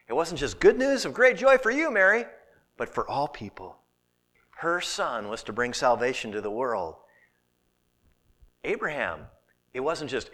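A middle-aged man preaching a sermon, telling stories with animated delivery and dropping to a hushed whisper at times. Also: mid-range voice. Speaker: pastor.

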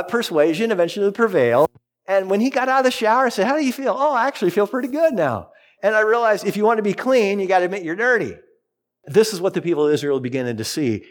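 A middle-aged man preaching a sermon, telling a personal story and reading scripture with lively, expressive delivery. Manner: storytelling, animated with big pitch swings. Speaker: pastor.

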